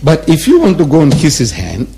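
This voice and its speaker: A man's voice: on the high side, huge pitch swings, fairly quick, creaky, dark tone, slight background noise. A man in his seventies giving a public religious lecture, emphatic and repetitive, teasing his listeners with rhetorical questions. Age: 70s.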